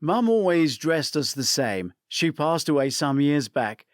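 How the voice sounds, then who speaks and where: A man's voice: on the high side, big pitch swings, measured pace, no room sound, studio quality. A man voicing a teasing older detective with a British accent in a spoken audiobook. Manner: playful, teasing.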